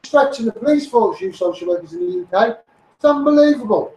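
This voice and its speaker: High-voiced scouse-essex bloke ranting on a livestream, shouting out viewers, echoey and a bit off mic. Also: male voice, animated, fast talker, distant mic. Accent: Scouse mixed with Essex. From England. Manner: ranting, greets viewers by name, repeats himself. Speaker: campaigner live-streaming to followers. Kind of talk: impassioned live-stream rant.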